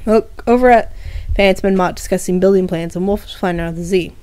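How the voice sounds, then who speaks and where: A woman's voice: mid-range voice, fairly quick, dark tone, clear, resonant tone, no echo. A woman reading her own fan fiction aloud on a livestream, breaking off for casual asides with fillers. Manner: casual asides with fillers between story passages.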